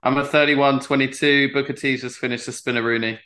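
A man co-hosting a podcast in casual chat, matter-of-fact and measured. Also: medium pitch, steady tone, pushed and bright. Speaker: podcast co-host.

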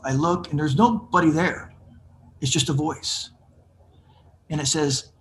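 A man in his fifties telling his own life story in an interview, animated and acting out the voices of people he quotes. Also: on the high side, unhurried, long pauses, a little hiss or hum. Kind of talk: conversational storytelling.

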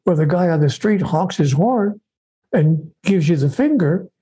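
Talking about spirituality as a guest in an interview, this man has a warm, slightly high voice with a deep husk and breathiness. His intonation is lively, his delivery measured and emphatic, and he builds rhythmic lists of phrases. The audio quality is rough.

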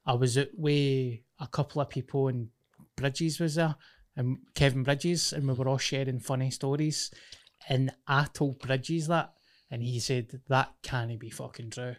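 A Scottish man with a Glasgow accent and a mid-range voice, chatting on a podcast. He tells jokey, rambling anecdotes and teases his co-host in relaxed banter. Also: mid-range voice, measured pace. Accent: Scottish, Glasgow area. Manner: joking, name-dropping anecdotes. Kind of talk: casual chat.

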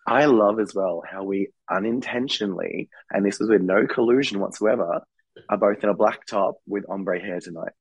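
A man co-hosting a podcast in casual chat, his voice hoarse and husky from being sick, talking cheekily. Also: on the low side, moderate pace, dry recording, low-quality recording. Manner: chatty, cheeky and swearing. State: hoarse from illness. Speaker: podcast co-host.

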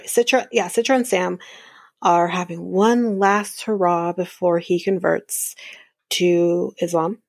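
A woman's voice: fairly low pitch, vocal fry, no room sound, clean studio sound. A woman hosting a podcast, recapping a reality show in a chatty, rambling way with lots of fillers. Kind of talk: casual recap chat.

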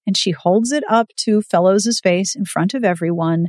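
A woman's voice: medium pitch, moderate pace, no room sound, studio quality. A woman co-hosting a podcast, recapping a novel in casual chat and acting out the characters' lines. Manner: animated storyteller, acts out quotes, swears casually. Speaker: podcast co-host.

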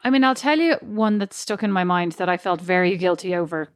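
A woman in her thirties co-hosting a casual chat, telling animated stories and laughing easily. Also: lowish voice, fairly quick, no echo, clean studio sound.

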